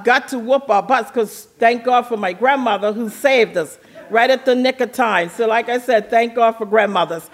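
A speaker casually telling a childhood story, laughing now and then. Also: high voice. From Bermuda. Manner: relaxed, laughs while telling, acts out voices.

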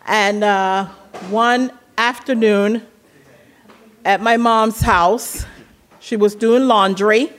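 Casual storytelling, medium pitch, relaxed and chuckling. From Bermuda. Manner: relaxed, laughs while telling, acts out voices.

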